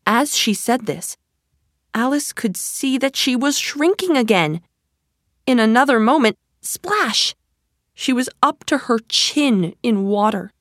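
Slow, lively storybook woman. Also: a little high, dry recording, clean studio sound. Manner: gentle, deliberate read-aloud delivery.

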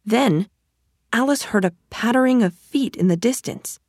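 A woman reading a children's story aloud in a gentle, deliberate storytelling manner. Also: on the high side, no echo, clean studio sound. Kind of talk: slow storybook narration.

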